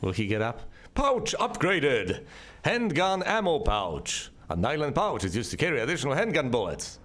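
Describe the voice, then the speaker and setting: A man's voice: medium pitch, sing-song, normal speed, fairly bright tone. Wry man narrating his gameplay. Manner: wry, sarcastic, talks back to enemies. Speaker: let's play host. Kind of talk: gameplay commentary.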